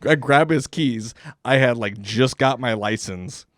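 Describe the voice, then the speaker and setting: A man's voice: medium pitch, measured pace, a bit bright, no room sound, clean studio sound. Profane young man telling a wild story. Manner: profane, rambling, laughs mid-story. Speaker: podcast host. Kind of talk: casual storytelling.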